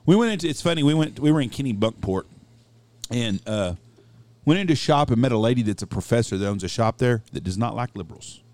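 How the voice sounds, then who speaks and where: A man's voice: mid-range voice, animated, fast, a little mellow, no echo. A middle-aged man from Texas with a Texan accent, co-hosting a casual podcast and telling rambling, salty stories. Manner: rambling profane storyteller. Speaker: podcast co-host. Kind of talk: casual chat.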